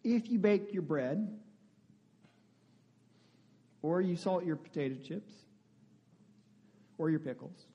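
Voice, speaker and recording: A man's voice: a little high, lively intonation, takes it slowly, long pauses, mellow, dull audio. A male pastor giving a conversational sermon, often asking the congregation questions. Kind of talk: interactive sermon.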